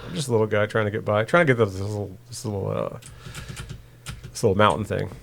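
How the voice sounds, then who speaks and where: A man's voice: fairly low pitch, fast, creaky, slight background noise. A man co-hosting a podcast, chatting casually and laughing easily while narrating his video game play. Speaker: podcast co-host playing the game.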